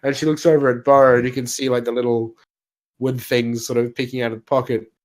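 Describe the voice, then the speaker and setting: Male game master, casual, halting narration with frequent laughter. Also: medium pitch, flat delivery, darkish tone.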